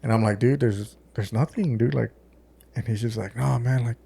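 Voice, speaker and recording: A lowish, dark male voice with vocal fry and a breathy edge, moving at normal speed. The speaker, a former deputy and podcast co-host with a West Texas accent, tells a casual story, swearing a lot and acting out dialogue heavy on "like" and "dude."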